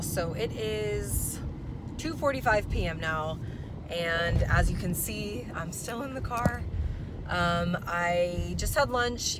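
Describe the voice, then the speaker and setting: A young woman in her twenties, congested from a cold, chatting casually to her phone camera in a car and saying "like" and "y'all" a lot. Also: fairly low pitch. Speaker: vlogger. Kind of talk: casual vlog chat. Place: in a parked car.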